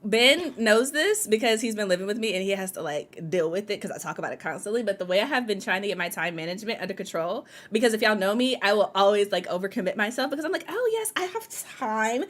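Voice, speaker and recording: A woman hosting a casual livestream chat, chatty and quick to laugh as she talks straight to her viewers. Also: mid-range voice, lively intonation, a bit bright. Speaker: podcast host.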